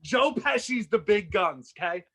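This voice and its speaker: On a podcast, a man whose voice sits high takes his time narrating a fictional movie storyline, voicing the characters with animated energy. It's a casual storytelling chat with noisy background sound.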